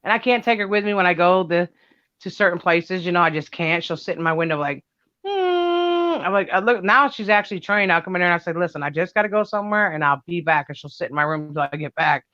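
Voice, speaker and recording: Loud brash woman chatting, bright and dry. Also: fairly low pitch, fast talker, dry recording, highs cut off. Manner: loud, brash and laughing, cusses freely. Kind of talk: casual chat.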